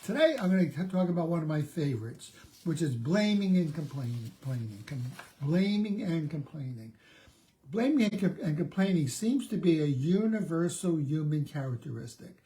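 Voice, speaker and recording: A man's voice: a little high, expressive, moderate pace, dark tone. A middle-aged man, a therapist, giving a conversational self-help talk, often restarting and repeating words.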